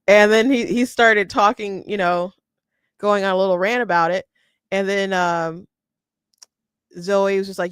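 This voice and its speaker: A woman's voice: mid-range voice, normal speed, clean tone, no room sound, clean studio sound. A woman hosting a casual political commentary stream, chatty, with many restarts and frequent laughter. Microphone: close mic, streaming setup.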